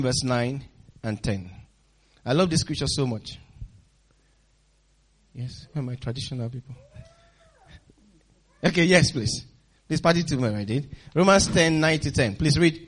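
A man preaching a sermon as pastor, emphatic and calling for responses from the congregation, often laughing. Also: fairly high pitch. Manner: laughs often, swings loud and soft.

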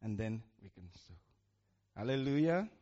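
A man's voice: mid-range voice, expressive, moderate pace, mellow. Male preacher, sermon delivery, emphatic call-and-response, lo-fi sound. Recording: muffled lo-fi recording.

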